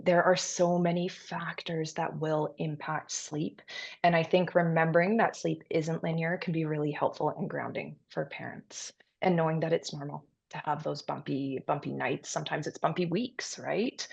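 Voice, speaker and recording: Woman, podcast guest, low voice, vocal fry, calm instructive tone, muffled lo-fi audio. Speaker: pediatric sleep consultant guest. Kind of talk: explanatory interview talk.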